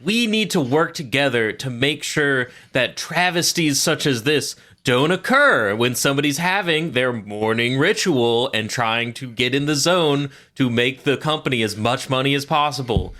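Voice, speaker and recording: A man's voice: mid-range voice, animated, normal speed, few pauses, bright, forceful tone. A man voicing a pompous, self-important male corporate executive who blusters in corporate jargon. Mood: indignant.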